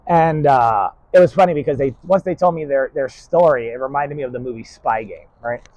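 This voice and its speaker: A man's voice: medium pitch, brisk, a little mellow, no echo, dull audio. A man giving a rambling spoken lesson in a stern, blunt and profane way. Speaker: lecturer.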